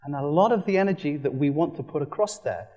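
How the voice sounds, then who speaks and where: A man giving a lively training presentation, playful and animated, acting out quick quoted voices. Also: fairly high pitch, muffled recording. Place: presentation room.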